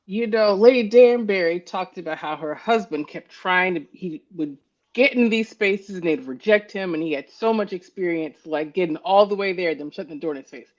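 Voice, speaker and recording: A woman co-hosting a casual chat, expressive and fond of acting out quotes. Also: on the low side, normal speed. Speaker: podcast co-host. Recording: dull lo-fi stream audio.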